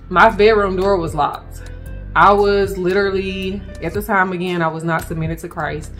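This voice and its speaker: A woman recounting a frightening personal experience to her viewers, speaking in halting bursts and addressing them directly. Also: lowish voice, steady tone, fairly bright tone, faint music behind. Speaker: vlogger telling a personal story. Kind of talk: emotional personal storytelling.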